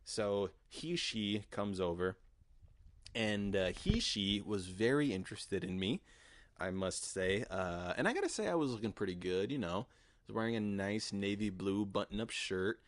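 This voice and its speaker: A man's voice: on the low side, expressive, normal speed, no echo. A young man in his twenties rambling through a casual story, heavy on fillers and swearing. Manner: rambling, profane, lots of fillers. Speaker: podcast host.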